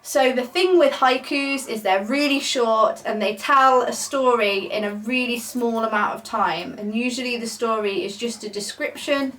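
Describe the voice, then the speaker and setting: A woman's voice: a little high, normal speed, hardly any pauses, a bit bright, recorded from a distance. A young adult woman leading a beginner poetry workshop, explaining patiently with many ums. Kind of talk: casual beginner lesson. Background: guinea pigs chewing.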